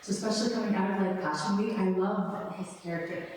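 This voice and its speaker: A young adult woman giving a casual, animated faith talk to an audience, chatty and full of "like" fillers. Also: mid-range voice, quick pace. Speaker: speaker at a church talk. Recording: echoey hall, faint background noise.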